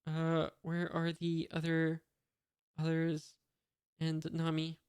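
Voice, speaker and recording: A reader voicing a young male pirate crewman while reading a comic aloud, saying his lines slowly and flatly, a little louder than the narration. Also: medium pitch, smooth, no room sound, studio quality, natural voice. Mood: urgent.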